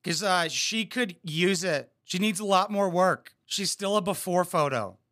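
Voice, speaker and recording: Sarcastic, foul-mouthed man with bright voice. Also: sits high, unhurried. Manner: crude, sarcastic, mocking asides. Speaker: reaction video host. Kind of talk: profane reaction commentary.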